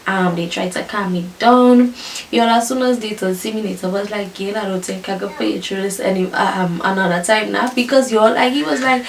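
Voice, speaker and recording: A woman's voice: medium pitch, normal speed, gravelly, slight background noise. Chatty young woman, distant mic. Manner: animated, addresses viewers as y'all, laughs often. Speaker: vlogger telling her birth story. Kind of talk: casual storytelling to viewers.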